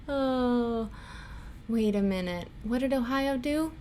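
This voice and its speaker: A woman streaming from an indoor home setup, talking in a higher-pitched, chatty way and giggling often as she answers her viewers. Her casual tarot readings move quickly, and a faint room hum sits behind her voice. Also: expressive, darkish tone. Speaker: livestream host.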